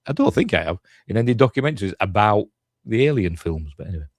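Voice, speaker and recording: A man with a Yorkshire accent talks through a film as he watches it, rambling from one loose aside to the next with the odd chuckle. His voice sits on the low side and sounds dry and close, with no room echo. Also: very animated, fast. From Yorkshire, England. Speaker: host, film reviewer. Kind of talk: casual running commentary over a film.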